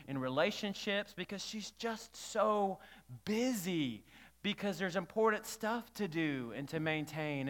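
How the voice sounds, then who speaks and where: A man's voice: a little high, fairly bright tone. A man preaching a sermon as a pastor, talking conversationally and putting questions to the congregation. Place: church hall. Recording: reverberant church hall.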